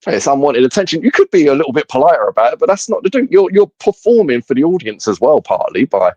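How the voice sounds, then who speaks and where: A man's voice: on the high side, very animated, fast, a little mellow, no room sound, dull audio. A man co-hosting a live stream, chatting in an easygoing way and swearing casually.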